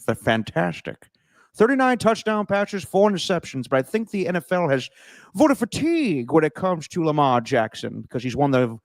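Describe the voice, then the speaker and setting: A man's voice: a little high, creaky, no room sound, clean studio sound, full character voice. A man doing a clumsy grumbly Grinch voice. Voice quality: drawling, old movie-star tone. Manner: halting, breaks up laughing mid-line. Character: botched Grinch impression, grumbly male cartoon voice. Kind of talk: casual podcast banter.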